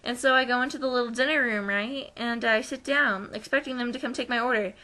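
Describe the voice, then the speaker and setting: A young American woman tells a story straight to her webcam, jumping into lively put-on voices whenever she quotes someone. Her voice sits a little high and sounds bright and crisp. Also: a little fast. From United States. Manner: animated, acts out quoted voices. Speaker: vlogger. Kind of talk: casual storytelling.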